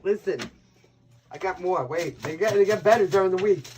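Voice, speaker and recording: A woman's voice: fairly low pitch, moderate pace, very noisy. A woman from Brooklyn with a Brooklyn accent, hosting a casual live-stream tarot reading in a chatty, brash way with swearing. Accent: Brooklyn New York. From Brooklyn, New York. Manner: chatty, brash, swears and laughs at own jokes.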